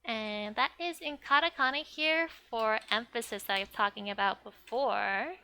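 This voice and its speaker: A woman's voice: on the high side, normal speed, bright, forceful tone, clean tone. A young woman giving a casual, chatty language lesson, often laughing and leaning on "like". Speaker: language teacher.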